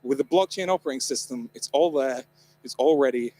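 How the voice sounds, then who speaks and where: A man's voice: mid-range voice, brisk, warm tone. A man from the north of England giving a comedic keynote talk on stage at a live event, irreverent, joking and swearing freely. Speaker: conference presenter.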